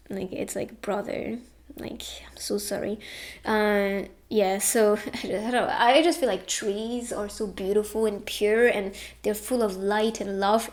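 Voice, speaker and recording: A young woman giving a casual tarot reading, earnest and reassuring, getting tearful at times. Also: medium pitch. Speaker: tarot reader.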